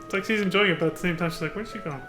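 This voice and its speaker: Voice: mid-range voice, steady tone, very fast, echoey room. A streamer giving playful live commentary during a game playthrough, with joking asides. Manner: playful, giggly asides, jumps into character voices. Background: game music.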